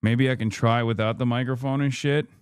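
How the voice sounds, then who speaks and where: A man's voice: medium pitch, steady tone, a little fast, clean tone, no room sound, clean studio sound. A man hosting a live stream, frustrated and swearing as he troubleshoots his setup aloud to viewers. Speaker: livestream host.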